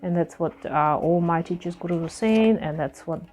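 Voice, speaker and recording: Woman, yoga teacher, soft-spoken, lower voice, reads then explains. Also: normal speed, faint music behind. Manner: soft-spoken, alternates reading aloud with loose explanation, light laughs. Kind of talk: spiritual lecture reading and explaining a text.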